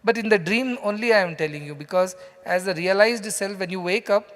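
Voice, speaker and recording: A man with an Indian English accent delivers a spiritual lecture in a conversational, storytelling way, often turning to the audience with questions. His voice sits high for a man. The sound carries a long reverb from a large hall. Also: a little fast, fairly bright tone. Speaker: spiritual teacher. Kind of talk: scripture lecture to a live audience.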